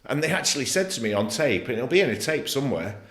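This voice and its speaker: A man's voice: medium pitch, sing-song, fast talker, a bit bright, roomy sound. A middle-aged man from England, a podcast guest telling his personal story bluntly and emotionally, swearing freely. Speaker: podcast guest, former footballer. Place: podcast studio.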